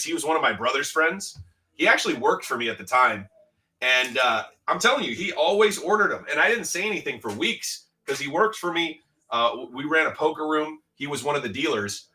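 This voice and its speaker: A man's voice: mid-range voice, pushed and bright, recorded from a distance, poor audio. A middle-aged man telling a story in a loose, joking, casual way, swearing now and then as host of a livestream. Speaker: livestream card-break host.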